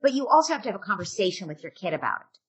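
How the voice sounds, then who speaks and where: A woman's voice: medium pitch, sing-song, racing, breathy edge. A middle-aged woman, a parenting expert, giving advice in a casual podcast interview and acting out parent and kid lines.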